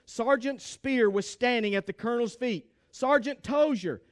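High, smooth-voiced male preacher. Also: normal speed. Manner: dramatic, calls for congregation response. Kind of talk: sermon storytelling.

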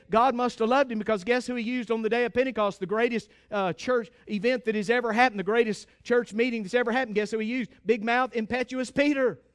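A man's voice: very high voice, clear, resonant tone, no echo, clean studio sound. A man preaching a sermon with fervent emphasis, calling out to his congregation for amens.

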